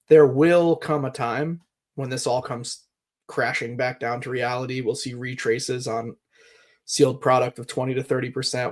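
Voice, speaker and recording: A man in his thirties co-hosting a podcast, explaining in a rambling way with many fillers. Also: mid-range voice. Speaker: podcast co-host. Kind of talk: casual chat, market talk.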